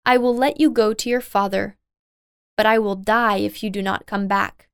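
A woman voicing a gentle, lonely male beast who is kind and humble, speaking slow, simple lines. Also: medium pitch, steady tone, smooth, no echo, studio quality, close to an everyday voice.

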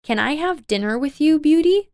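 A woman voicing a gentle, lonely male beast who is kind and humble, speaking slow, simple lines. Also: high-pitched, animated, no echo, clean studio sound, voice pushed up.

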